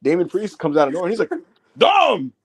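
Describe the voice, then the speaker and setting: A man's voice: a little high, rapid-fire, darkish tone. A man co-hosting a wrestling review podcast, telling it animatedly, acting out quotes and swearing freely. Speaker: podcast co-host. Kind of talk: casual wrestling review chat.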